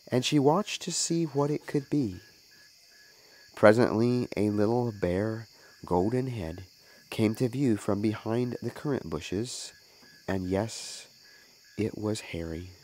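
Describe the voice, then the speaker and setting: A man's voice: lowish voice, darkish tone, poor audio. A man who is a minister, reading a children's story aloud as narration.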